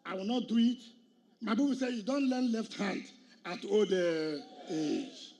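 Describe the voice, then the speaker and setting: High-voiced combative Nigerian man. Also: expressive, a little slow, darkish tone. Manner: combative, challenging, rhetorical questions to the crowd. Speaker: state governor. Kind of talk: public political speech. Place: outdoor public event.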